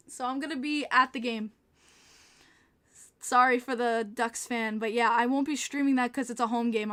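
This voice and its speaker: Her fairly high, slightly bright voice carries a Long Island New York accent. She's hosting a laid-back livestream podcast, reading the live chat, chatting with viewers, and laughing frequently.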